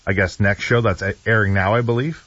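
A man co-hosting a show, chatting casually with short, relaxed replies. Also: fairly low pitch, brisk, no echo. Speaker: show co-host. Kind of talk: casual chat. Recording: dry, dull lo-fi sound.

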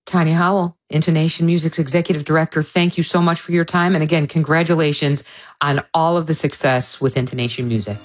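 A woman with a low voice interviews a guest on the radio, congratulating her and asking clear follow-up questions. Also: fairly even intonation, quick pace.

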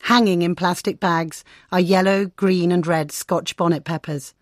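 Female correspondent, measured scripted radio narration, slightly low pitch. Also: fairly even intonation, no room sound, clean studio sound. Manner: measured, descriptive storytelling. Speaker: foreign correspondent.

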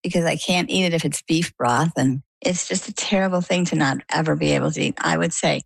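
A middle-aged woman with a low, gravelly voice, telling her story as an interview guest. She is a lively storyteller who plays out the dialogue. The sound is close and dry. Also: a little fast, no echo, low-quality recording. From Maine, US.

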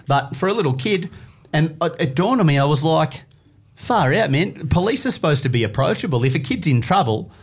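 A man's voice: fairly high pitch, brisk, slightly rough. A man with an Australian accent, co-hosting a podcast and telling stories in casual chat, acting out the people he quotes. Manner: animated storyteller, acts out quotes. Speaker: podcast co-host.

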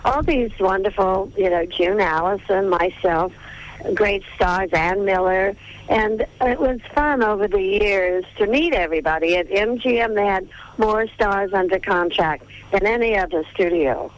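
An older woman who grew up in Texas, a veteran film star reminiscing in a radio interview over the phone, listing names at an unhurried pace. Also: medium pitch. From Texas, USA. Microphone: telephone. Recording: tinny phone line, radio broadcast.

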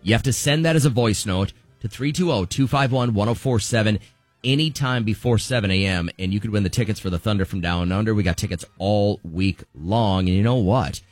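Low-voiced man radio co-host. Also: brisk, dry recording, faint music behind. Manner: upbeat, promotional. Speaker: radio morning show co-host. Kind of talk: casual radio banter and promos.

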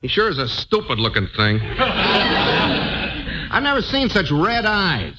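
A man's voice: high voice, huge pitch swings, normal speed. A man acting a wisecracking comic sidekick in a 1940s radio comedy, drawling and chuckling. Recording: very noisy old radio broadcast.

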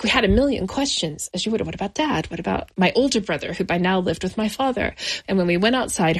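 A middle-aged woman as an interview guest, recounting her childhood in a reflective, measured way with slow pauses. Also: on the low side. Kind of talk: personal memoir interview.

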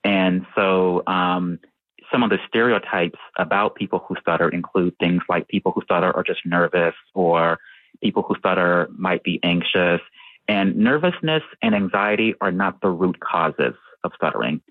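Interview guest, male, low voice, dry sound, calm and measured, light stutter. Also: no echo. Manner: measured, with fillers and occasional stutters. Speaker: researcher and guest who stutters. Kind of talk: interview answers. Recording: tinny phone-like line.

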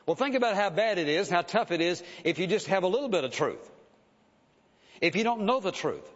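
A man's voice: high voice, very animated, brisk. A male pastor preaching a sermon with conviction, emphatic and insistent, often urging the listeners to listen. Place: church sanctuary. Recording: dull sound, long hall reverb.

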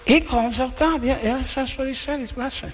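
A preacher voicing two scandalized scribes who murmur to each other in disbelief, in a sermon. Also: male voice, extremely high pitch, a little fast, in a large hall, pitched above the performer's own voice. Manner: gossipy, incredulous murmuring.

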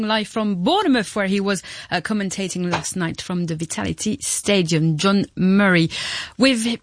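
A woman presenting live radio news, briskly linking interviews and reports. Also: medium pitch, no room sound.

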